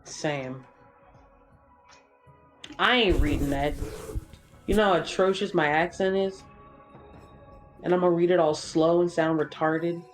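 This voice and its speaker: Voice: medium pitch, a little slow, pauses often, soft background music. Rambling, foul-mouthed gaming co-host. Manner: rambling, swears freely, trails off with fillers. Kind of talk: casual chat while streaming a game.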